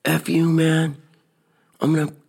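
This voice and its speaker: Shouting teen punk, hungover, threatening, raised high pitch, done by a man. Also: fairly even intonation, measured pace, creaky. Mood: angry threatening. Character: hungover skinny teen guy, belligerent, threatening.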